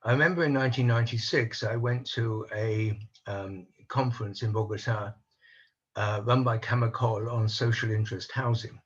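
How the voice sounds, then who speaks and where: An older man speaking on a conference panel over a video call, measured and analytical, voicing doubts in a deliberate way. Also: lowish voice, fairly even intonation, husky, dull audio. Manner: measured, analytical, openly skeptical. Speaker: panel speaker on housing policy. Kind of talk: online conference talk.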